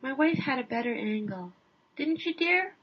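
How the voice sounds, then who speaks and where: A man's voice: very high voice, expressive, slightly rough, exaggerated voice. A woman doing a hedging, modest Canadian man. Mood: hesitant. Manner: hedging, halting, understated. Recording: dull lo-fi recording.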